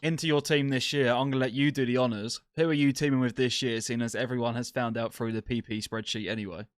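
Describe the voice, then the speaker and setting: Male podcast host, mid-pitched, crisp tone, quick reactions. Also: fairly even intonation, dry recording, clean studio sound. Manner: short reactive interjections. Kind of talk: podcast interview.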